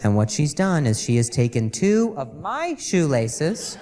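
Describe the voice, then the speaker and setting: A man performing a live stand-up comedy set, with a halting delivery that repeats words and hums between phrases. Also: on the high side, big pitch swings, a little mellow, a little hiss or hum.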